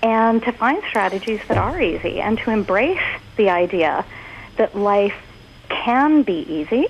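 A woman who is a guest on a podcast, talking casually and telling stories in an expressive, animated way. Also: mid-range voice, unhurried, dull audio, slight background noise. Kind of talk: casual conversational interview.

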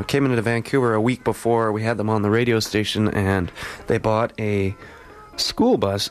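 Laid-back radio host. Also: male voice, lowish voice, creaky. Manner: laid-back, rambling with many fillers. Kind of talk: casual radio chat, back-announcing songs. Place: community radio studio.

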